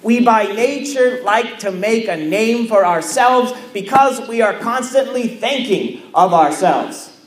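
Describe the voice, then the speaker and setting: Pastor, male, high-pitched, slow deliberate sermon delivery in a roomy church. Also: animated. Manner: measured preaching with repeated phrases and pauses.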